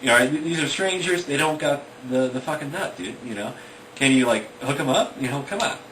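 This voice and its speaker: A man putting on a whiny, pushy village boy with a high, nagging voice. He pleads and badgers as if retelling a storybook scene aloud. The voice sits back from the mic in an echoey room, with noise behind. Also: sing-song, quick pace, a bit bright, far from the mic. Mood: pleading.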